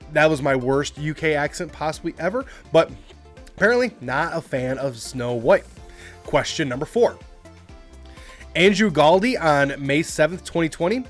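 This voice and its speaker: Male quiz host, a bit high-pitched, reads clues then chats offhand; light music bed. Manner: reads quotes aloud, then comments casually with asides. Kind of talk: hosting a movie trivia quiz.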